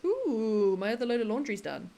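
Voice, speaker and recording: Casual game streamer, female, a touch high-pitched, giggly and chatty, reads out viewer messages. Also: big pitch swings, normal speed, gravelly, warm tone. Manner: chatty and giggly, answering chat between tasks. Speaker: live streamer playing a block-building game.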